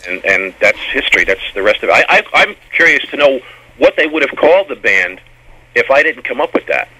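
A man's voice: mid-range voice, big pitch swings, fairly quick, sharp tone, husky, dry recording, rough recording. A man being interviewed about his old band, telling long stories in a rambling way and often stumbling and repeating words. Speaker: former band member guest. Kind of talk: storytelling interview.

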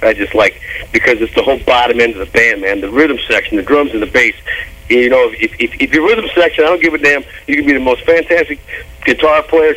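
A man in his fifties, a rock bassist telling stories on a radio interview, loose and animated, swearing casually and drawing out "man.". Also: poor audio. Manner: animated storytelling, swearing, laughing, drawn-out "man". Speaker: guest musician.

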